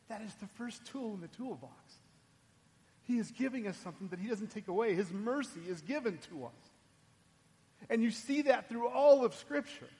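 A man preaching a sermon, dropping soft and low and then rising loud and emphatic. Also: animated, moderate pace, a little hiss or hum. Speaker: pastor. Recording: long hall reverb.

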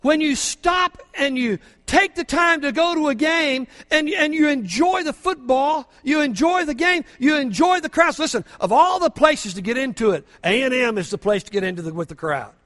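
An older man preaching a sermon as pastor, fervent, moving from quiet asides to shouting praise, in a church. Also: very high voice, animated, normal speed, hardly any pauses. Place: church sanctuary. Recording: long hall reverb from a church.

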